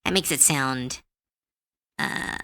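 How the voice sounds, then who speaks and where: A woman artist chatting casually on a livestream while she draws, talking in a chatty, animated way with many fillers and restarts. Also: rumbling low, slow pace, vocal fry. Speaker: artist streamer.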